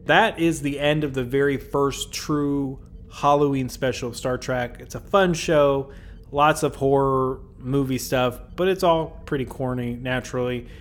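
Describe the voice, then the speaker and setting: A young man talks through an episode recap in a loose, chatty way, laughing often and dropping into quick silly voices for the characters. His voice sits at an ordinary pitch for a man, and a faint hiss of noise sits under the recording. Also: steady tone. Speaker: podcast host.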